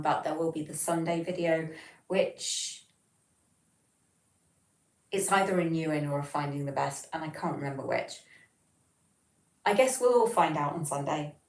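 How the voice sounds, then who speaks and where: This livestream host is a woman from England with a general Southern English accent who reads viewers' chat messages aloud and responds in a low, chatty, rambling way. She sounds roomy and set back from the microphone.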